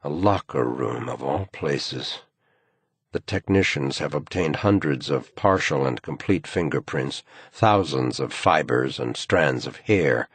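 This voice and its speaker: A man reading a crime thriller audiobook in measured, grave scripted narration. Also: extremely low pitch, expressive, slightly rough, no room sound.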